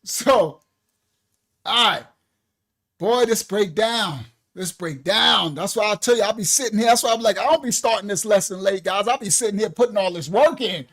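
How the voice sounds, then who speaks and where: Energetic man teaching scripture. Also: high voice, fairly quick. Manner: energetic, breaks into exclamations and colloquial asides. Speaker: bible teacher. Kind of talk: livestreamed scripture lesson. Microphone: own microphone.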